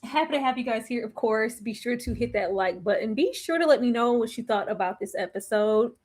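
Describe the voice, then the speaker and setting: A young woman chats casually to her live audience, laughing often and drawing out her phrases. Her voice sits high and swings widely in pitch, bouncing up with every joke. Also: animated, fairly quick, darkish tone. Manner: chatty, laughs often, drawls phrases, slips into playful quoted voices. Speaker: TV recap vlogger.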